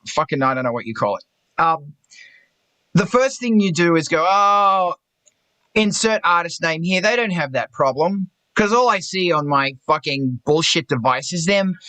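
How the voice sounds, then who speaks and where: A man on a video call talks in a bright, forceful voice that sits a little high for a man. His talk is blunt and full of swearing, and it rambles through self-mocking asides. The sound is dry and close, with no room echo. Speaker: host of artists' talk stream. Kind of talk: casual group video chat.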